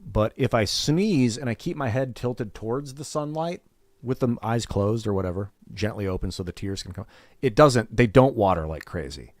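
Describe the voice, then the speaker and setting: A man talking off the cuff on his gaming stream, his voice sitting on the lower side. He rambles candidly, curses freely and slips into little impressions of other people. The sound is dry and close, with no room around it. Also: expressive, moderate pace, no room sound. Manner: candid, swears freely, acts out what others said. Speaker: streamer hosting a gaming show. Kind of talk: casual rambling chat.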